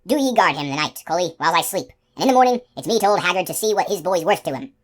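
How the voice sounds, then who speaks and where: A woman voicing a gruff giant male outlaw who talks in a broad country dialect. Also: lowish voice, expressive, rapid-fire. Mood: blunt.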